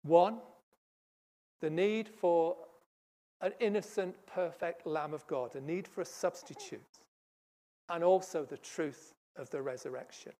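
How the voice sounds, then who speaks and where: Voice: mid-range voice, a little slow, pauses often. Emphatic preacher in a church service. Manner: emphatic, swings from loud stresses to hushed asides. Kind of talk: sermon.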